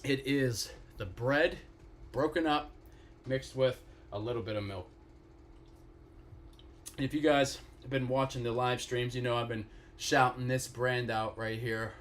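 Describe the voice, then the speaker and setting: A man's voice: mid-range voice, steady tone, unhurried, pauses often, a bit bright, a little hiss or hum. A man from the Pittsburgh area hosting a casual live cooking stream from his home kitchen, chatting straight to viewers and swearing casually. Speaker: cooking livestream host.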